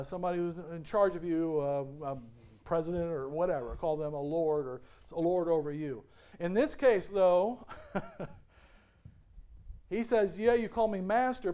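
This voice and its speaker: Man, pastor, high-pitched, lively questioning sermon delivery with frequent laughs. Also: clean tone. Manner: asks the congregation questions and lets them answer. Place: church sanctuary.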